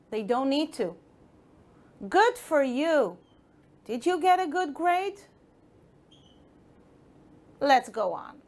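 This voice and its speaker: A woman with an Israeli accent teaching an English lesson to children, encouraging them and asking them questions. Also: high-pitched. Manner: encouraging, addresses pupils directly with questions. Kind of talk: broadcast school lesson for children.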